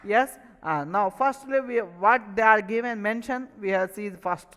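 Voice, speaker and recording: Bright-voiced Indian English maths teacher. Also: male voice, sits high, measured pace, long reverb tail, poor audio. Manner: repeats questions and answers them himself. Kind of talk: online classroom lesson.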